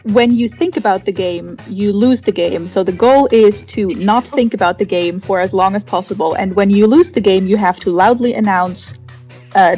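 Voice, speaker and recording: A woman's voice: mid-range voice, darkish tone. Rambling, apologetic woman explaining a game. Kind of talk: casual livestream chat.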